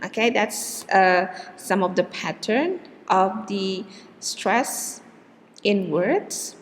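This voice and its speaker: Woman teacher going over word stress real slow, lots of "okay", long echo in the room. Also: mid-range voice, expressive, a little hiss or hum. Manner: slow and patient, repeats words with exaggerated stress. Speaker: English teacher. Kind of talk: recorded pronunciation lecture. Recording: long hall reverb.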